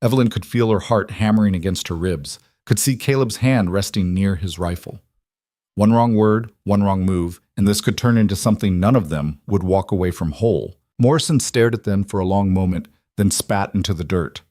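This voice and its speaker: Give me a man with a low voice narrating a western audiobook in a measured, dramatic way. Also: warm tone, no room sound, clean studio sound.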